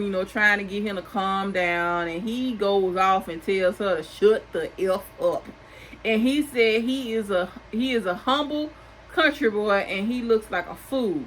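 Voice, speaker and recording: A woman's voice: mid-range voice, a bit bright, slight background noise, poor audio. Chatty woman recapping reality TV, sassy. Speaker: recap host.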